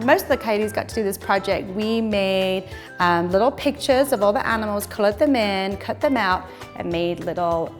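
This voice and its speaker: A woman teaching young children at a virtual circle time, speaking slowly in a sing-song, encouraging way. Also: mid-range voice. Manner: sing-song, slow and encouraging, talks to little kids. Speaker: preschool teacher.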